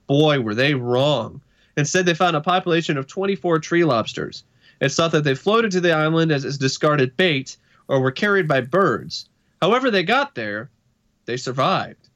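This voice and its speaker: A man's voice: on the high side, a bit bright. A man co-hosting a casual talk show, reading facts aloud and dropping in dry jokes. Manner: dry jokey asides while reading. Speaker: podcast co-host. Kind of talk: reading a list aloud with asides.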